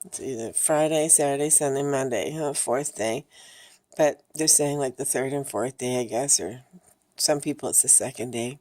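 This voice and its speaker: A woman's voice: a bass voice, moderate pace, a little mellow. A woman vlogger talking candidly and emotionally, blunt and swearing freely, worn out and exhausted. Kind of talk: candid personal vlog.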